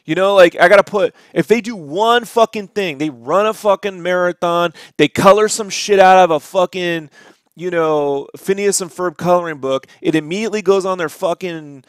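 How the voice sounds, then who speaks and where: High-voiced, profane, rambling man. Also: clean tone, no echo, studio quality. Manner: profane, rambling, rapid asides. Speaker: artist streaming a drawing session. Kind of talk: casual rant while drawing.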